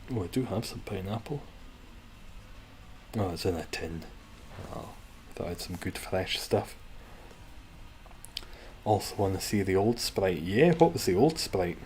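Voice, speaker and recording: A man's voice: deep voice, expressive, a little slow, long pauses, a little mellow, a little hiss or hum. A man streaming a game from home, rambling wryly and chatting with his viewers between moves. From Scotland. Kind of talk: casual livestream chat while gaming.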